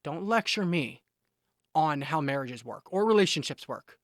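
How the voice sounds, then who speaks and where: A man's voice: a little high, lively intonation, normal speed, no echo, studio quality. A man talking to camera in a casual advice monologue, emphatic and preachy, with scolding repetitions. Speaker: vlogger giving relationship advice.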